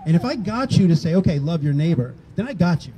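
A man's voice: on the high side, big pitch swings, quick pace, mellow, husky, poor audio. An older man, a rally organizer, speaking conversationally to a crowd outdoors and acting out quoted exchanges. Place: outdoors on a town green.

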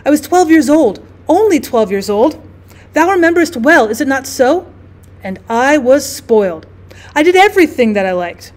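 A woman reading as a dying sister pleading softly. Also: high-pitched, big pitch swings, moderate pace. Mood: pleading confession. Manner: faltering, hushed and pleading. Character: dying younger sister, frightened and guilt-ridden.

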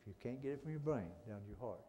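A man preaching an evangelistic sermon and altar call in a church, passionate, swinging from loud pleading to hushed urging. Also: mid-range voice, lively intonation, very fast. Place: church sanctuary. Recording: echoey church hall with faint noise.

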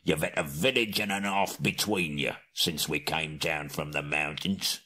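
Man doing a gruff bullying troll. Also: extremely low pitch, fairly even intonation, unhurried, pushed and bright, a little hiss or hum, exaggerated voice. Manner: gruff, bossy. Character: big bullying male troll, William.

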